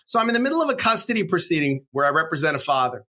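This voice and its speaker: A man's voice: a little high, very animated, racing, bright, forceful tone. A middle-aged man, a divorce attorney co-hosting a podcast, telling a courtroom story in a worked-up rant and acting out the voices of the people in it. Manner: worked-up ranting, acts out quoted voices.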